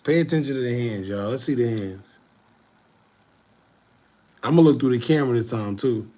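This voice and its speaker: A man's voice: medium pitch, moderate pace, a little mellow. A young man, reacting to a video for viewers, breathless, laughing and swearing casually. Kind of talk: casual commentary, talking to viewers.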